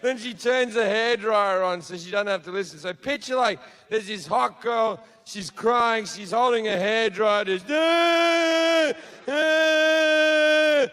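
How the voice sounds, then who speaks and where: A man's voice: sits high, moderate pace, hardly any pauses, fairly bright tone. A man telling a stand-up comedy story to a laughing audience in a brash, profane, self-mocking way.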